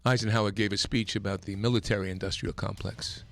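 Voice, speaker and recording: A man hosting a talk radio show, delivering an impassioned, emphatic political monologue that climbs toward near-shouting. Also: on the low side, fairly even intonation, fast talker, gravelly. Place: radio studio.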